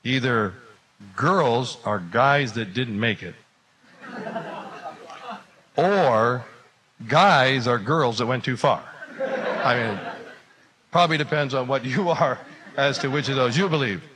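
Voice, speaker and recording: A man's voice: medium pitch, slow pace, pauses often, noisy background. A man teaching a class, talking casually with playful, wry asides. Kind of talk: joking classroom talk.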